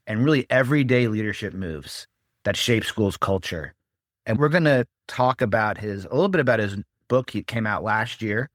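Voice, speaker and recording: A man's voice: mid-range voice, a bit bright, dry recording, clean studio sound. A man hosting an interview, conversational and telling a short story from his own teaching. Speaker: host. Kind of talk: interview hosting, casual anecdote.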